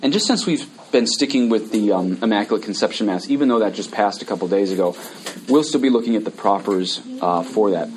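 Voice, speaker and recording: Low-voiced priest teaching a class. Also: male voice, a little fast, a little mellow, a little hiss or hum, low-quality recording. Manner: explains step by step, reciting prayers then commenting.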